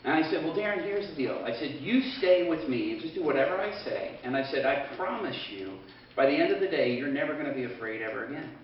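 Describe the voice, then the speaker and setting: Distant preacher in an echoing hall. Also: male voice, a little high, lively intonation, fast, slight background noise. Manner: conversational, quoting others with "he goes". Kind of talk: storytelling sermon. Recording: echoey, distant, dull hall sound.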